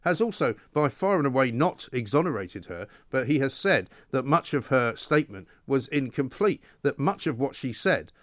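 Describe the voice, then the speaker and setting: A man's voice: medium pitch, very animated, normal speed, few pauses, a bit bright, no room sound, clean studio sound. A man hosting a talk radio show, speaking in a forthright, conversational way.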